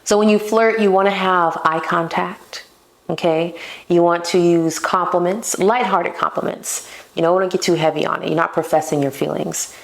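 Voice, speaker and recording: Woman, podcast host, low voice, gravelly, playful, self-mocking, casual talk. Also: fairly even intonation, moderate pace.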